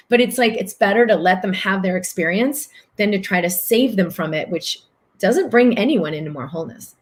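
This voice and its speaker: A woman's voice: medium pitch, normal speed. A woman host talking earnestly on a live stream, reading out viewer comments and answering them in long flowing phrases.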